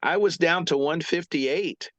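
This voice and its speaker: A man talking earnestly in a casual chat, halting and repeating words as he tells his story. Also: fairly high pitch, dry recording. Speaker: guest. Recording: dull dry lo-fi sound.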